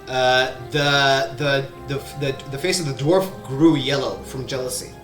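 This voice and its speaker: A man's voice: medium pitch, steady tone, a little slow, a bit bright, soft background music. A man narrating as the game master of a tabletop game, hesitant and full of fillers. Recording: echoey room sound.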